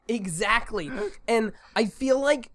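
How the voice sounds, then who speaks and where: A man co-hosting a casual podcast chat, animated and opinionated as he argues his points. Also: high voice, drawn-out words. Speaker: podcast co-host. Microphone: podcast mic.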